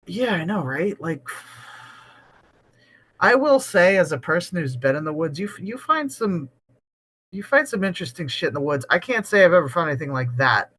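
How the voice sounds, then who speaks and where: Podcast co-host, woman from New England; bright, sharp voice, giggly and joking, swears casually. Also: fairly low pitch, expressive, normal speed, breathy edge. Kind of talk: casual chat and reading a post aloud.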